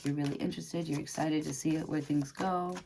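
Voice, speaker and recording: A woman's voice: deep voice, steady tone, fairly quick, vocal fry, a little mellow, slight background noise. A woman doing a casual tarot reading to camera, chatty and laughing often, with lots of fillers. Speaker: tarot reader.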